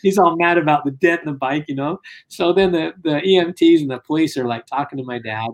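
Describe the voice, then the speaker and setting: Man telling lively stories. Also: on the high side, fairly quick. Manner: animated anecdotes, acts out quotes. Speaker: guest. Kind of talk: casual storytelling.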